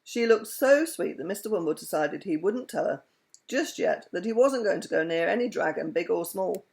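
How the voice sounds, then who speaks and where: A woman reading a children's story aloud in an expressive, animated way. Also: lowish voice, normal speed, vocal fry.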